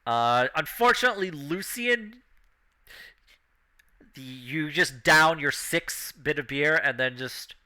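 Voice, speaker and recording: A man's voice: a little high, animated, slow pace, sharp tone. A man narrating a tabletop role-playing game as game master, laid back and full of fillers and chuckles.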